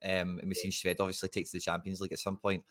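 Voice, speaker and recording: A Scottish man co-hosting a football podcast, chatting quickly with a dry, close sound. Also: low-pitched, monotone, a bit bright, no room sound. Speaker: podcast co-host. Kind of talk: casual football chat.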